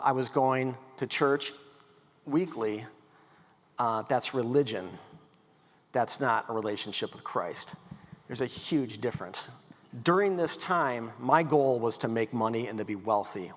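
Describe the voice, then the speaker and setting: A man's voice: medium pitch, measured pace. Man telling stories in an echoing hall. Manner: folksy, animated storytelling, acts out quotes. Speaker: guest speaker. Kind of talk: storytelling talk. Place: event hall. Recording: long hall reverb.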